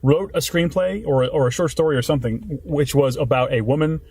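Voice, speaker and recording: A man's voice: fairly high pitch, a little mellow, husky, no echo. A young man hosting a podcast, chatting casually and joking in a parked car. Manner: quick, joking, teasing. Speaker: podcast host. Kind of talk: casual chat.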